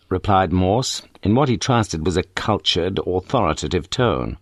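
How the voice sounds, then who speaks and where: A man's voice: deep voice, animated, unhurried, few pauses, no room sound. Man narrating an audiobook, dry close sound. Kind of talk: scripted narration.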